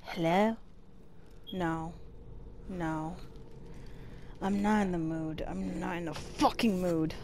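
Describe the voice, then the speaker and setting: A woman giving profane, panicky commentary while playing a horror game, swinging between screaming and low muttering. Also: steady tone, takes it slowly, pauses often, darkish tone, slight background noise. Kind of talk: let's play commentary.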